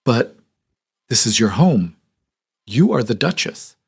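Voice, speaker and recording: A man's voice: mid-range voice, very animated, slow pace, vocal fry, slightly rough, heavily acted. A man voicing a poor, frightened young pregnant woman who pleads through tears in a storybook. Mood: panicked. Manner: weeping, choked, pleading.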